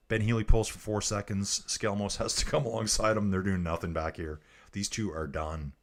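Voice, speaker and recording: Man, lowish voice, livestream race commentator; loose, jokey, chats with viewers. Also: flat delivery, normal speed. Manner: chatty, jokey, reads viewer comments aloud. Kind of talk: casual live commentary reading chat.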